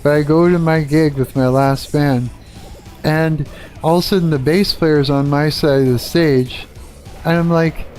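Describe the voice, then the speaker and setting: A man's voice: fairly high pitch, moderate pace, faint music behind. Blunt, fired-up middle-aged man ranting. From Canada. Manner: blunt, animated, swears a lot. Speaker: guitarist and live stream host. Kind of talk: casual ranting chat.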